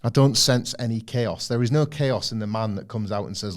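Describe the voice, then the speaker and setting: A man's voice: lowish voice, brisk. A man co-hosting a podcast, giving a thoughtful, rambling analysis of a wrestling storyline in casual chat. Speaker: podcast co-host.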